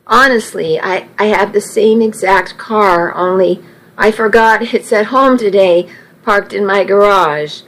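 Woman reading as a polite young guy, gentle and reassuring, slow storybook telling. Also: mid-range voice, lightly acted, rough recording. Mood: kind. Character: young man, kindly, polite stranger driver.

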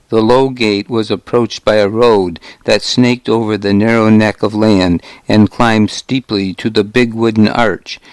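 A man reads a first-person historical novel aloud at a very unhurried pace, his voice pitched a little low. His delivery is measured and grave. The recording is close and dry, with no room sound. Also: no room sound. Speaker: audiobook narrator. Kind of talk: scripted first-person narration.

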